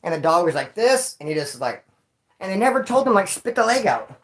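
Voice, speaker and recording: A man's voice: high voice, sing-song, fast talker, a bit bright. Man, stream host, casual slangy storyteller who acts out the sounds and voices. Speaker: livestream host telling prison stories. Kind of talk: casual storytelling to a live audience.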